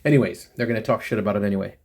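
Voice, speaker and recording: A man from the United States hosting a casual, rambling toy review chat, full of slang and quick laughs. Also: lowish voice. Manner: rambling, laughs often, many fillers, slangy.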